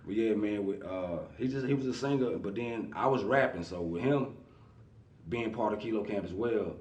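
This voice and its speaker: A man, a guest in a casual interview, talking in a relaxed, rambling way full of fillers. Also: lowish voice, moderate pace, far from the mic, highs cut off. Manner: relaxed, rambling, many fillers like "you know what I mean". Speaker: artist manager, guest. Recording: echoey room, voice off-mic.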